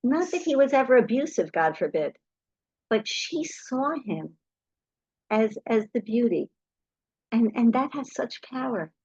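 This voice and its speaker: A woman's voice: a little high, a little slow, long pauses, slightly rough, no echo, muffled recording. A middle-aged woman telling anecdotes to an audience, acting out the voices of the people in her stories. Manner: lively anecdotal storytelling, acts out quoted voices. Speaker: speaker. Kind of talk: storytelling talk to an audience.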